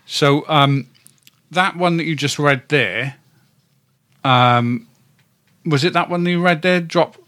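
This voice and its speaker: A man's voice: on the high side, takes it slowly, pauses often, sharp tone, no room sound. A man in his fifties, co-hosting a podcast in casual chat, rambling, tripping over words and swearing now and then. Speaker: podcast co-host.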